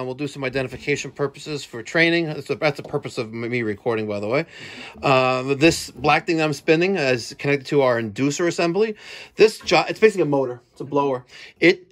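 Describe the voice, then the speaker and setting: A man's voice: on the high side, a bit bright. A man working as a heating technician, explaining a furnace's parts step by step in a chatty on-site walkthrough in a house basement. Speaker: HVAC technician.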